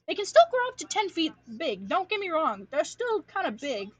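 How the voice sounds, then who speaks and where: A woman's voice: extremely high pitch, very animated, moderate pace, a bit bright, no room sound. A young woman from Alaska rambling casually on a livestream, slangy, self-deprecating and swearing freely, speaking at home at her computer. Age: young adult. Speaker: streamer. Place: home room.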